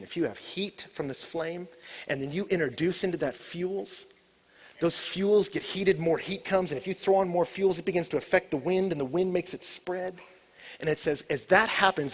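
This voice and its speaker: A man preaching a sermon, animated and storytelling, who swings from loud excited bursts to hushed, intense low passages. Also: breathy edge.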